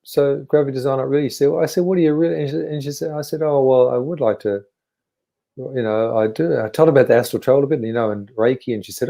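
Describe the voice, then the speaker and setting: A male guest in a casual conversation, telling stories in an animated way and acting out the voices he quotes. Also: medium pitch, quick pace, creaky.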